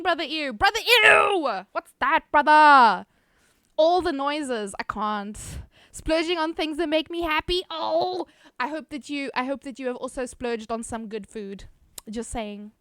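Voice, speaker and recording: High, bright-voiced woman streamer. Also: dry recording, studio quality. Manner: chatty, laughs often, reads chat names aloud, swears casually. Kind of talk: casual live-stream chat.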